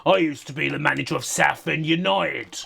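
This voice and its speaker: A woman putting on the voice of a crude, boastful middle-aged male football manager, with a swaggering, sweary sales pitch. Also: brisk, creaky, a bit bright, slight background noise, full character voice. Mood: brash.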